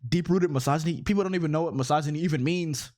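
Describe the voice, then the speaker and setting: A man's voice: a little high, rapid-fire, darkish tone. A man giving an exasperated, profane rant as commentary on online posts, repeatedly incredulous. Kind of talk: ranting commentary on social media posts.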